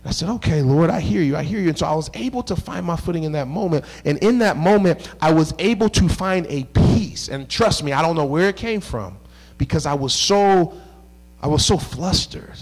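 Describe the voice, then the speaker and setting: A man preaching in a church, his voice pitched high for a man. He tells a long personal story in a lively, conversational way, slipping into the voices of the people in it. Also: normal speed. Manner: animated, conversational, acts out dialogue. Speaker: pastor. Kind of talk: storytelling sermon. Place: church sanctuary.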